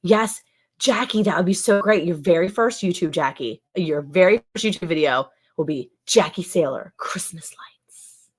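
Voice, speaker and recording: A woman's voice: on the low side, normal speed, breathy edge. A woman in her thirties hosting a casual ranch livestream, chatty and laughing often as she greets viewers by name. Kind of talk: casual live-stream chat.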